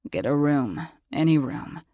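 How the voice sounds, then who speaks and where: A woman doing a sick, gruff young man. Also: lively intonation, measured pace, dark tone, dry recording, clean studio sound. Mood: weak, gruff. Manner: low weak mumble. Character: ill grumbling young man, gruff and worn out.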